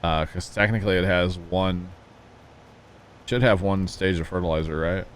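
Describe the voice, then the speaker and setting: Low-voiced guy rambling on his game stream, folksy chatty stories, bit of faint hiss behind. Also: normal speed. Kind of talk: casual livestream chat while playing.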